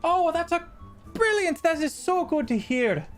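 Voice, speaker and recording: A man's voice: animated, a little slow, faint music behind. A man doing a fawning portly old halfling. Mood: eager. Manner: high, gushing and overly polite. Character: portly older male halfling, fawning and eager.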